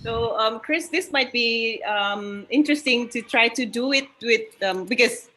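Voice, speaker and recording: A woman in her thirties talks casually on a video call, thinking aloud as she explains. Her voice is bright and sits a little high. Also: a little slow, a little hiss or hum. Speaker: workshop participant. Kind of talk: casual chat.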